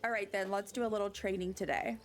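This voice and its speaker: A woman streams a game and chats casually at a fast clip, her medium-pitched voice steady, with slight background noise. She rambles and gets sidetracked easily, reading her chat aloud and answering it.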